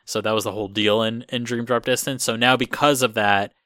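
Casual male podcast host, bright forward tone, rambly, dry close sound. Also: medium pitch, fairly even intonation, brisk, dry recording. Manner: rambling, many fillers and restarts.

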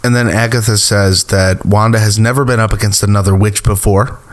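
Man, lowish voice, casual TV recap, rambling, lots of ums. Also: steady tone, a little fast. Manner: rambling, filler-heavy, chuckling. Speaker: TV recap host.

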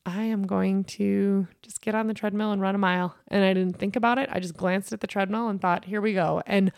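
A woman's voice: medium pitch, steady tone, fairly quick, vocal fry, a little mellow, no room sound. Earnest woman with a dry, close voice. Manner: earnest, rambling, many fillers and restarts. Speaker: podcast host. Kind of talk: candid personal storytelling.

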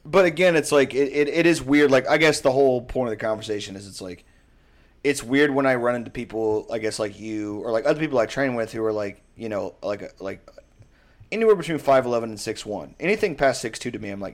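A man's voice: mid-range voice, moderate pace. Rambling, profane young man chatting. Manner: rambling, profane, animated storytelling. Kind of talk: casual chat.

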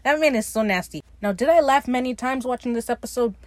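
A woman's voice: a little high, quick pace, no echo. A woman hosting a casual podcast, recapping a TV episode in a chatty, profane way with frequent laughs. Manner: chatty, swears freely, laughs often.

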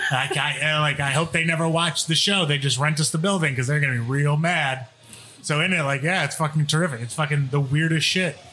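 A man's voice: fairly high pitch, fairly quick, bright, forceful tone. A man chatting casually as a radio guest, swearing often and laughing as he tells stories. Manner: swears a lot, laughs while telling stories. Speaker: guest, former wrestler. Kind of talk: casual chat.

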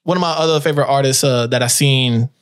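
A man's voice: mid-range voice, quick pace, clear, resonant tone. A man appearing as a podcast guest, talking in a laid-back, chuckling way. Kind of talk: casual chat.

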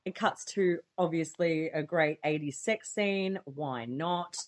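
A woman's voice: low voice, slow. A woman casually recapping a horror film as a podcast co-host, telling the story with a laid-back, joking manner. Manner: laid-back storytelling, reads from notes, frequent laughs. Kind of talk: casual movie recap chat.

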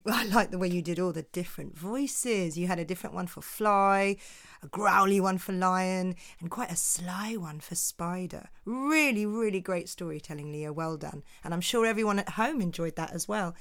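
A woman's voice: on the low side, normal speed, fairly bright tone. A woman co-hosting a children's podcast, talking in an encouraging, praising way.

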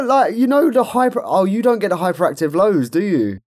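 Excitable man telling a story. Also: high-pitched, a little fast. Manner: excitable storyteller, laughs a lot, loud when telling a story. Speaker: podcast co-host. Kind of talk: casual podcast chat.

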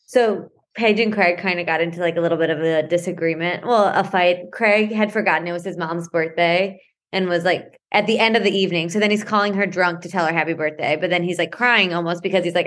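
A woman's voice: medium pitch, steady tone. Chatty woman retelling reality TV scenes. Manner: quick, laughing, retells scenes with quoted voices. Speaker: podcast co-host. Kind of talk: casual chat.

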